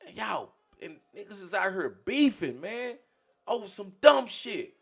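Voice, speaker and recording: A man with a high, gravelly voice rants to his viewers on a livestream. He is blunt and profane, preaching at his community. Faint music plays behind him. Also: very animated, unhurried. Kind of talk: livestream rant.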